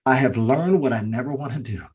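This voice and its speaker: A man with a mid-range, slightly mellow voice and a breathy edge speaks briskly as a business podcast co-host. His talk is earnest and motivational, repeating its key phrases over and over.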